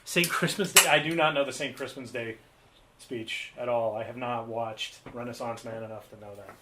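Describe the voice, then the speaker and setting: A man's voice: mid-range voice, fairly even intonation, moderate pace, very noisy. Rambling, self-mocking man on a live stream. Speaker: podcast co-host. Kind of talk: casual live-stream chat.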